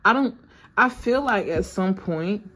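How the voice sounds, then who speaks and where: A woman's voice: medium pitch, expressive, measured pace, a bit bright, a little hiss or hum. A woman reading tarot cards for her viewers in a casual, slangy, chatty way, talking straight to them. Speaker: tarot reader.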